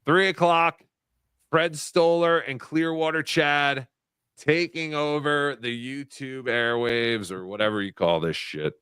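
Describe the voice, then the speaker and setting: A man's voice: fairly high pitch, measured pace, fairly bright tone, smooth, no room sound, clean studio sound. A man hosting a casual livestream chat, loose and laughing, swearing freely. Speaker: livestream show host.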